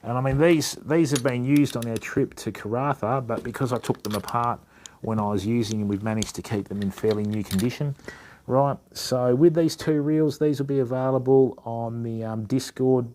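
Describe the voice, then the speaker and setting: Chatting in a matey, casual way to live-stream viewers, a middle-aged Australian-accented man from Western Australia services fishing reels for his fishing channel's maintenance demo. His voice is mid-range and a little mellow, at a moderate pace, with slight background noise.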